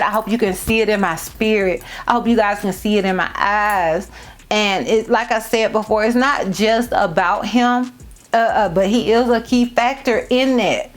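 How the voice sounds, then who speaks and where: A woman in her thirties telling viewers a personal story while getting ready, heartfelt and repeating phrases for emphasis. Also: medium pitch. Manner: addresses viewers as y'all and girl. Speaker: beauty vlogger. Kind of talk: casual storytime chat.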